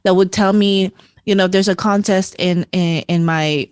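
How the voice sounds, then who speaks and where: A woman's voice: medium pitch, steady tone, measured pace, clean tone, no room sound. A woman podcast host from the Philippines, chatty and reflective, talking through her childhood with plenty of fillers. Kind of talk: casual podcast conversation. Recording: dry close sound.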